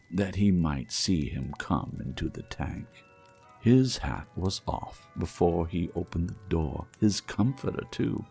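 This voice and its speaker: A deep, gravelly male narrator reading a classic tale at an unhurried pace. His delivery swings widely in pitch and dips into hushed asides, with faint music underneath. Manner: expressive, shifting to hushed asides. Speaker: audiobook narrator. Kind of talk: storybook reading.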